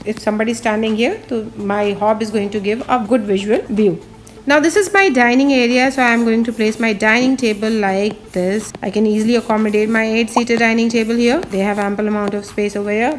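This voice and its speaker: A woman, an architect and interior designer, explaining step by step how to lay out furniture on a house plan. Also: on the high side. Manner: explains step by step, pointing out spots on a drawing. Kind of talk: instructional walkthrough of a floor plan.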